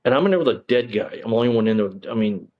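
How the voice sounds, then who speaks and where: A man's voice: mid-range voice, expressive, racing, phone-quality sound. A middle-aged man, telling his story as an interview guest, bluntly and emphatically, with plenty of cursing and fillers. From Texas.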